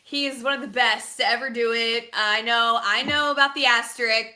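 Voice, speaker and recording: Lady cohost, bubbly and giggly, high bright voice. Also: steady tone, moderate pace. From Texas. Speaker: co-host. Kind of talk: casual livestream chat.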